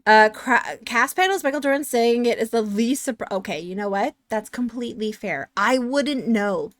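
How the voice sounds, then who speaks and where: A woman's voice: a little high, moderate pace, no room sound. A woman streamer chatting casually while playing a game, rambling and sarcastic as she answers chat.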